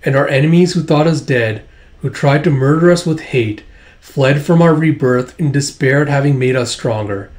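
A man voicing an older scholarly professor, reading in a measured, gentle way as if to children. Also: mid-range voice, close to an everyday voice. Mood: solemn.

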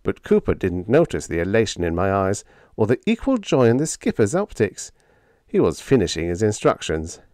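Lively low-voiced male audiobook narrator. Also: normal speed, dry recording, clean studio sound. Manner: lively, playful first-person telling. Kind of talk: humorous storybook narration.

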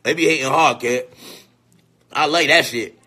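Husky-voiced brash man ranting. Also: medium pitch, measured pace. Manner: brash, crude, loud and often laughing. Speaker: vlogger. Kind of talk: profane ranting monologue.

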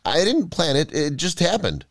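A man's voice: mid-range voice, very animated, normal speed, no room sound. Man doing a guilty nervous man, stammering, defensive, storybook character, dry sound. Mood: panicked. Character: anxious guilty man, best friend, nervous.

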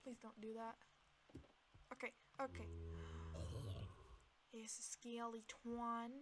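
Slow-talking woman gaming with a noisy mic. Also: level tone. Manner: chatty, reacts aloud to the game, sudden high yelps. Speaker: gamer. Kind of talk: let's play commentary.

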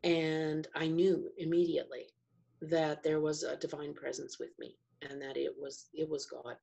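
A middle-aged woman with a low, husky voice that crackles into fry. She tells her own story as a podcast guest, slowly and reflectively, pausing and circling back as she looks for the right words. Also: level tone, warm tone. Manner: slow, reflective storytelling with pauses and restarts. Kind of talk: personal testimony in an interview.

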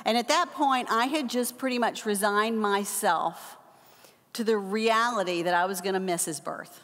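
An older woman teaching a Bible lesson, telling a personal story with animated acted-out quotes. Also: mid-range voice, normal speed. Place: church hall. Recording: long hall reverb.

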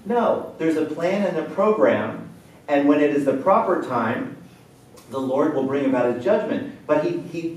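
A man teaching the Bible to a class, reading passages slowly and emphatically with dramatic pauses. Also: medium pitch, darkish tone. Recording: very echoey room, voice far from mic.

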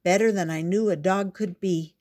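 A woman voicing a tired, determined young runaway man, speaking softly and tenderly. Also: fairly low pitch, normal speed, lightly acted.

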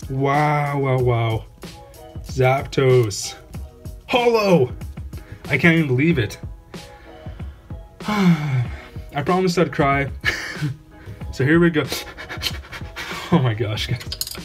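A man's voice: mid-range voice, slow, pauses often, faint music behind. A man hosting his own channel, giving casual unboxing commentary, awestruck and repeating exclamations over and over. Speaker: channel host opening trading card packs.

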